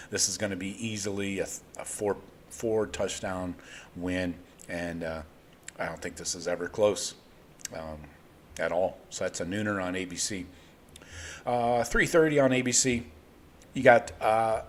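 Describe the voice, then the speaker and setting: A man hosting a live sports betting show, rambling casually and swearing freely. His voice sits on the low side. A faint room noise runs underneath. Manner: loose, rambling, profane. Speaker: host.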